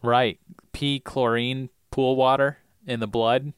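A woman's voice: extremely low pitch, steady tone, slow, clean tone, dry recording, studio quality. A young woman co-hosting a podcast in casual chat, jokey and fond of puns. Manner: pun-loving, giggly, jokey. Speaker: podcast co-host.

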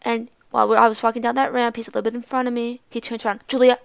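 A woman's voice: fairly high pitch, level tone, very fast, vocal fry, fairly bright tone, smooth, no echo. A young woman hosting a podcast, telling a story in a blunt, profane, rambling way. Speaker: podcast host. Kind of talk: casual storytelling monologue.

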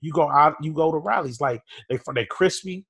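Animated ranting podcast man. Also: fairly high pitch, a little fast, husky. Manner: animated, mock-furious ranting. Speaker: podcast co-host. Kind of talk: casual podcast chat.

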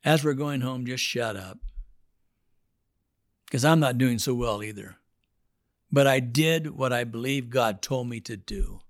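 A man's voice: medium pitch, a little slow, long pauses, no room sound, studio quality. A man, a pastor, telling a story in a sermon and acting out the people in it.

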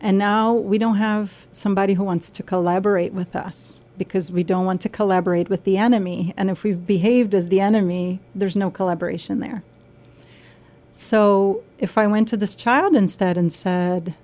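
A young adult woman giving a radio talk on nutrition, explaining gently and sometimes acting out a scolding inner voice. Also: medium pitch, steady tone, normal speed. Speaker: guest speaker on nutrition.

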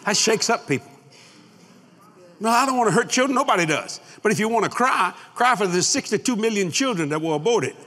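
A man's voice: high voice, lively intonation, brisk, a bit bright. A man preaching a sermon, folksy and boastful, laughing at his own lines. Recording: long hall reverb.

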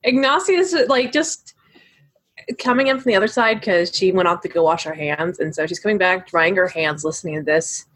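A woman playing a tabletop game, narrating her character's actions in a casual, animated way. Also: lowish voice, fairly quick. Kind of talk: casual role-play narration.

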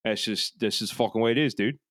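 A man's voice: on the low side, brisk, a bit bright, dry recording, studio quality. Profane man with a Philly accent. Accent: Philadelphia. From Philadelphia. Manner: loose, profane, rambling with many restarts. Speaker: podcast guest. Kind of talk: casual podcast chat.

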